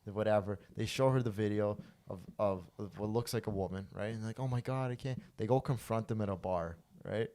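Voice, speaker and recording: Profane, animated male podcast host. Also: lowish voice. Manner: profane, animated storyteller who acts out quotes loudly. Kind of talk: casual storytelling chat.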